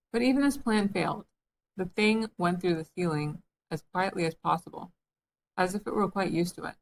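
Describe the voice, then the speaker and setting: A woman's voice: fairly low pitch, moderate pace, vocal fry, low-quality recording. Woman narrating a classic storybook. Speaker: audiobook reader.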